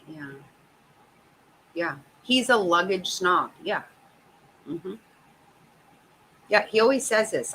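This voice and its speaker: A woman's voice: on the low side, expressive, a little slow, long pauses, pushed and bright, a little hiss or hum, rough recording. A middle-aged woman hosting a casual chat, profane and exasperated, laughing often. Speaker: host.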